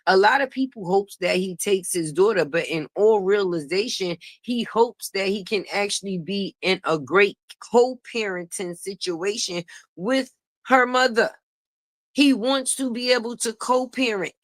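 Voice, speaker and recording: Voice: mid-range voice, unhurried, dry recording. Blunt, profane gossip commentator, dry sound. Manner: blunt and profane, with emphatic repetition; animated, laughing and mocking. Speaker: commentary channel host.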